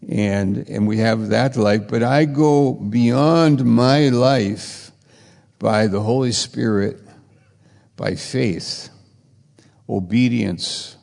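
A man preaching in a slow, deliberate way, his voice gravelly at the edges. He pauses often, then surges upward into emphatic bursts. The sound rings out with a long hall reverb. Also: darkish tone. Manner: slow and halting, rising to emphatic high bursts. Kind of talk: sermon.

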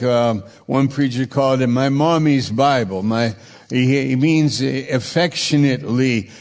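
A man's voice: mid-range voice, creaky, in a large hall. A man preaching a sermon, with repetitive, emphatic phrasing.

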